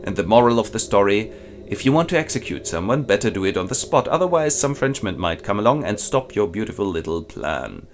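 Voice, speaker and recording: A man presenting a comic summary of a classic story in a wry, lively storytelling manner. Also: fairly low pitch, fairly quick, background noise. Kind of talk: comic literature summary narration.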